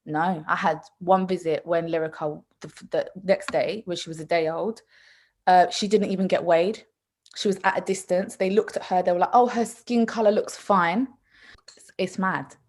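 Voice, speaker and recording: A woman's voice: on the low side, normal speed. A young woman chatting casually on a podcast, telling stories animatedly and acting out what others said. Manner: animated storytelling, laughs often, acts out quotes. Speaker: podcast co-host. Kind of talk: casual chat.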